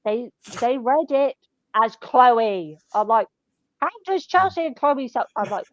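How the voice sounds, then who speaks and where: A young woman in her twenties chats casually, blunt and deadpan, peppering her stories with swearing. The sound is dull and lo-fi, close and dry with no room around it. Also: on the high side, moderate pace, no echo. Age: 20s. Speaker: shop worker telling stories. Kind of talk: casual chat.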